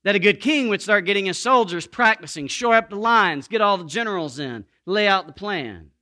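A man preaching a sermon as pastor, emphatic, slowing down to stress key words, with playful asides and calls for the congregation to repeat after him. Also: sits high, lively intonation, bright, forceful tone.

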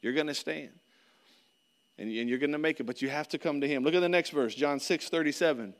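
Middle-aged man, pastor, plain earnest sermon delivery, slightly higher voice, long hall reverb. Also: fairly quick. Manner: earnest, conversational preaching with repeated phrases.

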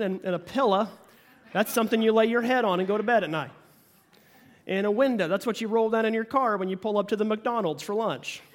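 A pastor from Oklahoma with a light Oklahoma accent, giving a sermon in a folksy, joking way. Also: male voice, high-pitched. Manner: folksy and joking, with playful asides.

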